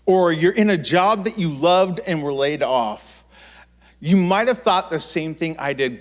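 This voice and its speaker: A man in his thirties preaching in a church, telling a childhood story with lively acted-out voices and frequent restarts. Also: a little high, measured pace. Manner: animated, acts out quoted voices, many restarts. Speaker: pastor. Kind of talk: storytelling sermon.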